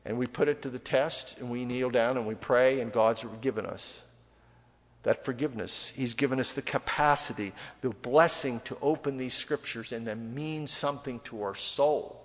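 A male pastor delivering a sermon in an animated, conversational way, swinging from loud emphasis to near-quiet asides. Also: medium pitch, moderate pace. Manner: animated, conversational preaching with sudden dramatic drops in volume. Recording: long reverb of a large hall.

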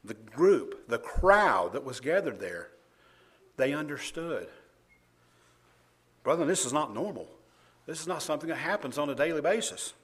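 A man's voice: fairly high pitch, breathy edge. A man preaching a sermon, reading scripture aloud with emphasis and chuckling often. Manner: animated, laughs often, reads verses louder.

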